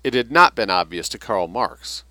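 A man reads passages from a book aloud, stopping now and then to comment on them. His voice is low-pitched with a bright, forceful edge, and the recording is dry and close. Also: lively intonation, normal speed, no room sound.

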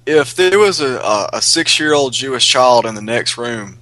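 A man's voice: medium pitch, animated, normal speed, bright, forceful tone, no room sound, rough recording. A man pressing questions as a panelist in a debate, insistent and persistent.

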